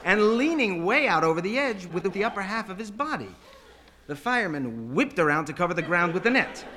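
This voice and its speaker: Animated male storyteller, bright voice. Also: high-pitched, brisk, slight background noise. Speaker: narrator. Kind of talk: dramatic storytelling reading.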